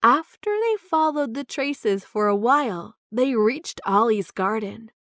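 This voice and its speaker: A woman narrating a children's story in a slow, clear storytelling way. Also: on the high side, expressive, a bit bright, no room sound, clean studio sound.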